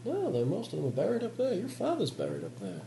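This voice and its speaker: A man putting on a weary, gruff radio operator with a Southern American drawl, brooding over dark memories. His pitch swings widely as he talks. The tabletop recording sounds roomy with a faint hiss behind it. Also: wildly swooping pitch, quick pace, exaggerated voice. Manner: gruff, brooding, ominous storytelling. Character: weary male radio operator at a polar base.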